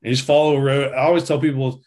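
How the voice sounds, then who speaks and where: A man answers questions as an interview guest in a plain, mid-pitched voice. He talks in an easygoing, rambling way, with lots of fillers. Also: steady tone, fast, a little mellow. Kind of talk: casual interview chat.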